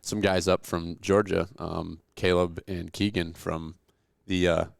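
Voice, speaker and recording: Man, podcast host, very low voice, dry close sound, joking banter. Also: little pitch movement, a little slow, vocal fry, dry recording. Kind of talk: casual podcast chat.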